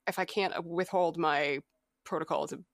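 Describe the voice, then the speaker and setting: A matter-of-fact male droid nurse, as a woman puts him on during a podcast chat sets out his rules in a flat, dutiful recitation. The voice is close and dry, with no room sound behind it. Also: sits low, normal speed, creaky, dry recording.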